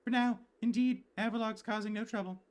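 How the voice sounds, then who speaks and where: A man's voice: high voice, fairly even intonation, fairly quick, smooth, voice pushed up, lightly acted. A man voicing a proud, muscular male clan warden in a put-on accented voice. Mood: earnest.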